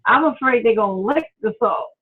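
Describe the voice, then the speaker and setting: A woman's voice: fairly high pitch, expressive, fairly quick, breathy edge. A woman student on a video call asking a hesitant, polite question. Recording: tinny phone-like call audio.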